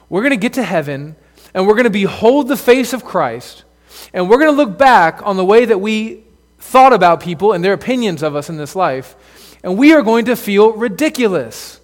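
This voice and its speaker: Male pastor, high-pitched voice, earnest, direct sermon delivery. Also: sing-song, moderate pace. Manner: earnest, direct, addresses children in the pews. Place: church sanctuary.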